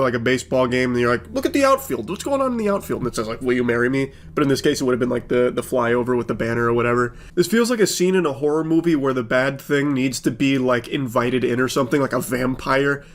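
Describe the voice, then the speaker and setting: A man giving comedic commentary on creepy text messages, sarcastic and profane, reading the texts aloud with mocking voices. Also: a little high.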